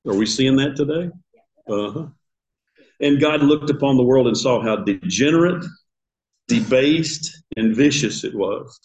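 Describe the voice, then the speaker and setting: A man's voice: medium pitch, measured pace, darkish tone, rough recording. Older man teaching a Bible class. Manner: conversational, asks the class questions, chuckles at his own asides. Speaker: Sunday school teacher. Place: church classroom.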